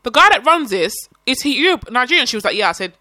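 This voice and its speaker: A woman's voice: a little high, big pitch swings, rapid-fire, pushed and bright, no room sound. A young woman from South London with a London accent, chatting casually and teasing bluntly. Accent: London English. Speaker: podcast co-host. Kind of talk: casual chat. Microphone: close podcast mic.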